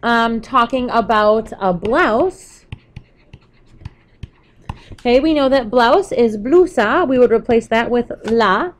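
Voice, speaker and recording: A woman's voice: on the high side, expressive, takes it slowly, long pauses, a little hiss or hum. A woman teaching a recorded Spanish lesson to students over slides, explaining patiently step by step with a few fillers along the way.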